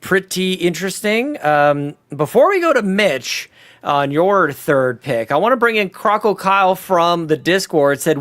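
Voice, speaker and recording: A man's voice: high voice, sing-song, unhurried, fairly bright tone. A man hosting a gaming podcast, steering the chat and reading out listener comments. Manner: steers the talk, introduces segments. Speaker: podcast host.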